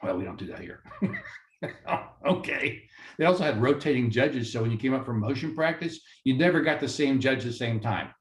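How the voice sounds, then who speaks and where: An animated man speaks as a mediator giving a lecture for course credit, ranting and peppering his talk with rhetorical questions. His voice sits at an ordinary pitch for a man. The recording has a roomy echo. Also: normal speed. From Florida. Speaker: mediator and lawyer.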